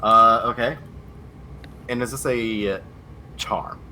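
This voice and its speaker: A man's voice: mid-range voice, fairly even intonation, slow, bright, forceful tone, a little hiss or hum. A man playing a tabletop role-playing game, hesitant and full of fillers. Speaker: player.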